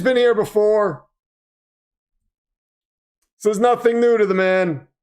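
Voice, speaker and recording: High, smooth-voiced male livestream host. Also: slow pace, long pauses. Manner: flustered, self-deprecating, breaks into excited shouts. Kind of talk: casual livestream commentary.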